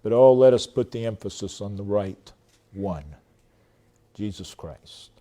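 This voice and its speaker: A man preaching a sermon, stressing key phrases over and over and letting his voice fall away softly at the end of each thought. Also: fairly low pitch, unhurried. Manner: emphatic, repeats key phrases, trails off softly at line ends.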